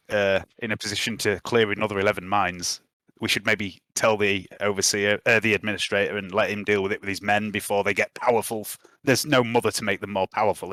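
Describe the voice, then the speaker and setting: Bright-toned man thinking aloud at a game table. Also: on the low side, no room sound. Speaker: player. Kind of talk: casual game chat.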